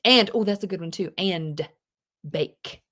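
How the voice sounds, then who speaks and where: A woman's voice: fairly low pitch, measured pace. Chatty woman teaching an online class. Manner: chatty, expressive, reads lines aloud dramatically. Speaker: homeschool English teacher. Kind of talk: live online class lecture. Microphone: video call.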